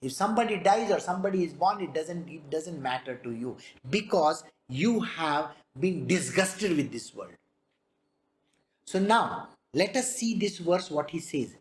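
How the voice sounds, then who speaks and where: Female spiritual teacher, very animated pitch, roomy echo around her. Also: unhurried. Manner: lively, animated teaching with rhetorical questions. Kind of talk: spiritual discourse.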